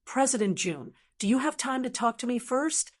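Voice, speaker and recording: A woman's voice: high voice, lively intonation, moderate pace, voice pushed up. A woman voicing a burly, boorish man in a storybook who speaks with ridicule and sarcasm. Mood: mocking. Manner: sarcastic and mocking. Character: burly, mocking man, a strong intruder.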